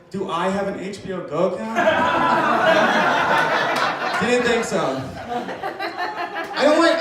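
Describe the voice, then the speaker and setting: A man doing a stand-up comedy set, telling deadpan dark jokes and acting out voices, with audience laughter behind him. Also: high-pitched. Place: comedy club stage. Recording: echoey club from far off, crowd laughing.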